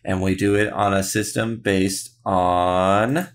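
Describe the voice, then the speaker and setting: A man's voice: deep voice, steady tone, slow pace. A man hosting a casual horror movie podcast, joking and laughing with his co-hosts. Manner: laughing, jokey, puts on silly voices in quotes. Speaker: podcast host.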